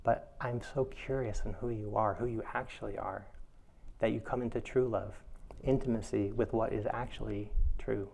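A man teaches meditation in a reflective dharma talk. His voice sits fairly low and has a gravelly edge. He speaks gently and thoughtfully. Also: normal speed. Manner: reflective, animated when telling a funny story.

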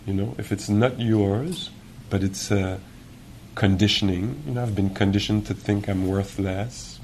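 A man giving a meditation teacher's dharma talk in a gentle, reflective, musing way, with many pauses. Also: lowish voice, creaky, slight background noise. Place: retreat hall.

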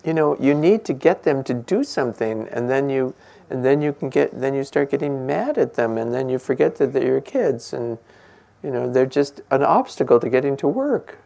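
An older man giving a relaxed, musing meditation talk, gentle and quick to laugh. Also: medium pitch, vocal fry. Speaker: meditation teacher.

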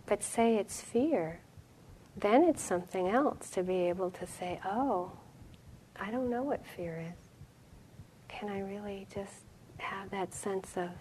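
Middle-aged woman, meditation teacher giving a dharma talk, mid-pitched, reflective storyteller with soft pauses. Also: steady tone, a little hiss or hum, low-quality recording.

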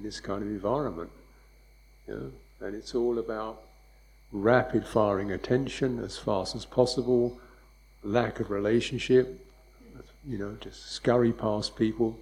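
A man's voice: medium pitch, a little mellow, poor audio. Wry man giving a meditation talk. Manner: wry, laughs often, mimics hurried speech and beeps; loose and conversational, with restarts and "yeah?" checks. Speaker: meditation teacher. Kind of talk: dharma talk on a retreat.

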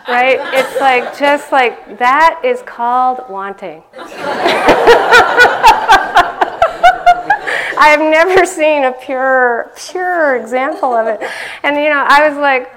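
An older woman giving a conversational dharma talk as a meditation teacher, laughing often and growing animated as she tells stories. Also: high-pitched, measured pace, noisy background.

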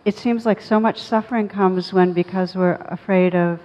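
This woman talks slowly and thoughtfully, a teacher reflecting in conversation. Her voice sits on the low side. It rings with a long reverb, as if in a large hall. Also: fairly even intonation, darkish tone. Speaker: meditation teacher. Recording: dull lo-fi sound with long reverb.

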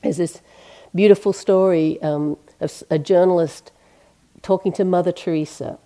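A woman gives a dharma talk as a meditation teacher, her voice low-set and mellow. She speaks gently and conversationally, often saying "you know". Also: fairly even intonation, normal speed.

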